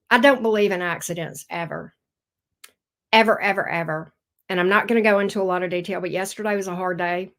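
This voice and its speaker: A woman giving a casual tarot reading, chatty and excitable, swearing now and then when she gets thrilled. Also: mid-range voice. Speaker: tarot reader.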